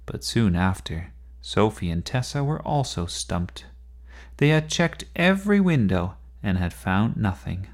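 Man, children's story reader, lively melodic delivery, low voice. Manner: unhurried, expressive reading. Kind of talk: children's story read aloud.

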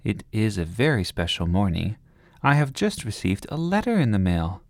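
A man voicing a gentle, polite older woman neighbor in a storybook, kindly and a little prim. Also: on the low side, big pitch swings, moderate pace, no echo, studio quality. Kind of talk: storybook reading.

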